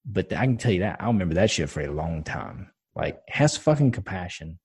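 A man's voice: deep voice, very animated, a little fast, a little mellow, husky. A man co-hosting a podcast in casual chat, blunt and passionate, swearing freely as he tells stories. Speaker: podcast co-host.

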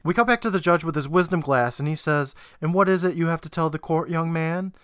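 A young man with a slightly high voice, recapping an episode's plot for his podcast co-hosts. The sound is close and dry, with no room around it. He tells it loosely and casually, now and then acting out a character's line. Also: a little fast, fairly bright tone, clear, resonant tone, no echo. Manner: retells the plot at length, acting out lines, laughs often.

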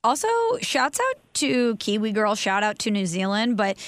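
A woman's voice: medium pitch, moderate pace. A woman hosts a casual podcast and teases her co-host with frequent laughs. Her voice sounds dry and close, with no room echo. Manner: laughing, teasing.

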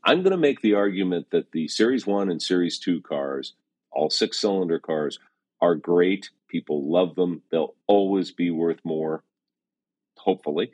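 A very deep-voiced middle-aged man talks about car prices in an easy, rambling way. He hedges with fillers and slips in dry teasing. The sound is dry, with no room in it. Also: normal speed, darkish tone, no room sound. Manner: chatty, hesitant with fillers, wry teasing. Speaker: classic car valuation expert, co-host. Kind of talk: casual conversational chat.

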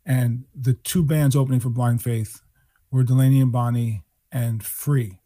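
A man in his sixties from New York, a guest musician telling animated stories and acting out the people he quotes. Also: mid-range voice, unhurried. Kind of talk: storytelling interview.

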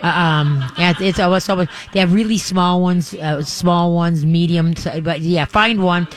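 A man's voice: high-pitched, fairly even intonation, normal speed. A man hosting a live call-in radio show from a remote event, giving dog training advice in a rambling, folksy way with many restarts.

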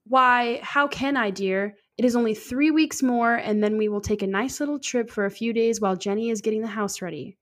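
A woman's voice: on the high side, a little fast, few pauses, fairly bright tone, natural voice. A woman reading the lines of a stern, patronizing husband who is a doctor, as she reads a classic story aloud in her own voice. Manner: soothing, condescending reassurance.

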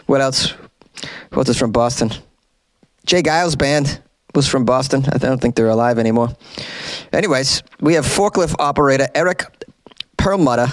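A man's voice: mid-range voice, normal speed, long pauses, no echo. Dry, joking man riffing on the news. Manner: joking, riffing asides between read headlines. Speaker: news commentary host. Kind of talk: casual comedic news commentary.

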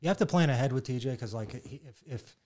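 A man's voice: medium pitch, animated, fast talker, a little mellow, slight background noise. A middle-aged man telling stories in a casual podcast chat, acting out quoted voices and laughing often. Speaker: podcast guest.

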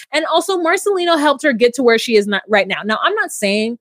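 A woman co-hosting a podcast, recapping a reality show in a sassy, animated way and acting out quotes. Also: on the high side, brisk, few pauses, no echo, clean studio sound. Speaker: podcast co-host. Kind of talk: casual recap chat.

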